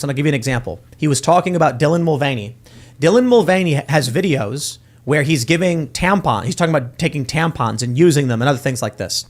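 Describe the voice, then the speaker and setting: A man's voice: on the high side, expressive, fast. A man hosting a political talk show, arguing his point emphatically in casual chat. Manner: emphatic, argues with acted-out quotes. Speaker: podcast host.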